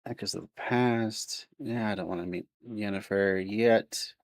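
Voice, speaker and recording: A man's voice: on the low side, steady tone, unhurried, dry recording. A man streaming a video game, chatting casually and thinking aloud as he plays. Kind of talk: casual let's-play commentary.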